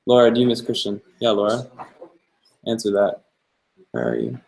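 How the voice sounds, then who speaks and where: A man's voice: on the low side, sing-song, normal speed, vocal fry, a little mellow, low-quality recording. A young man hosting a live-stream Q&A, answering viewer questions in an easygoing way and thinking aloud as he goes. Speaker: travel vlogger host.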